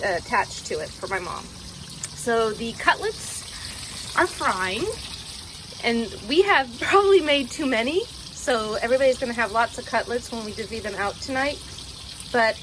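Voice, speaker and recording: A woman's voice: a little high, background noise. A woman chatting casually while cooking with her mother, rambling a little with fillers as she explains each step. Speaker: home cooking vlogger. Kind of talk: casual cooking vlog chat. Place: kitchen, then outdoor backyard kitchen.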